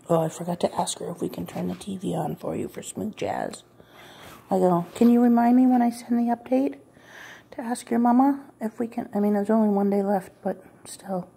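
Woman, cat sitter, baby-talk cooing, husky, gravelly, indoors, phone mic. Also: mid-range voice, mellow. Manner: coos and baby-talks, sometimes dropping to whispers. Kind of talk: talking to a cat while filming. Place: client's home, indoors. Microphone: phone camera pointed at the floor.

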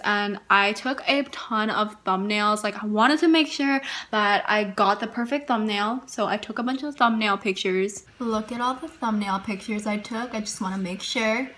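Bubbly young woman vlogging casually. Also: mid-range voice. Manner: bubbly, excitable, gushing. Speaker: beauty vlogger. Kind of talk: casual vlog chat. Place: bedroom.

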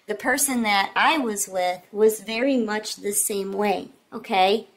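A woman's voice: mid-range voice, unhurried. A woman giving a casual tarot reading, talking straight to the viewer in an earnest, repetitive way. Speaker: tarot reader.

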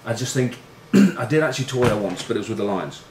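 A man's voice: mid-range voice, animated, fast talker. Swearing, self-deprecating ex-rugby man. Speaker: former rugby player and pundit. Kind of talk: casual storytelling. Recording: roomy room echo with faint noise.

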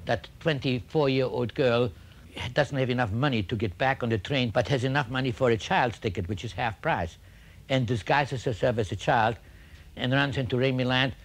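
Older male filmmaker, halting wry anecdote teller, interview setting. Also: mid-range voice. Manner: halting, full of uh and restarts; wry storyteller. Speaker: film director.

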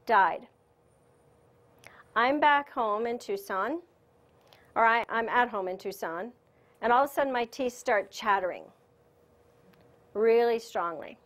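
Woman lecturer, a bit higher voice, lively storyteller who laughs easily, speaking to a conference room. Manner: chatty, animated storyteller who laughs often. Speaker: spiritual teacher giving a lecture.

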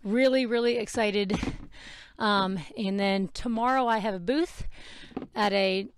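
A woman's voice: medium pitch, a little slow, clean tone, dry recording. A woman hosting a casual talk while grooming her horse, chatty and rambling, correcting herself and laughing at her slips. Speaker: podcast host and horse trainer. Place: outdoors with a horse. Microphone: wearable microphone.

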